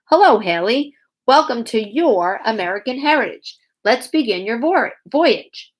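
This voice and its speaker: A woman's voice: fairly high pitch, animated, measured pace. A woman reading aloud, voicing a perky young woman projected onto a mannequin in a children's story. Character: perky young woman, a schoolgirl's future self.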